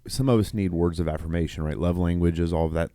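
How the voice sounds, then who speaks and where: A man's voice: low-pitched, fairly even intonation, fast, mellow, dry recording, clean studio sound. A middle-aged man, a nurse who co-hosts a podcast, telling a long story in casual chat, rambling with restarts and quoted dialogue. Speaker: podcast co-host.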